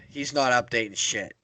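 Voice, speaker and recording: A man's voice: mid-range voice, sharp tone. A young man from the Pittsburgh area hosting a casual podcast, telling a rambling, profane road-trip story. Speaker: podcast host.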